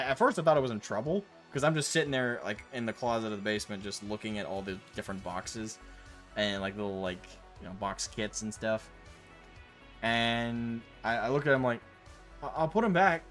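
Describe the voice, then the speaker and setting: A man streaming while painting miniatures, telling a long casual story in a rambling, animated way with the odd swear word. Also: lowish voice. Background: faint Gregorian chant music.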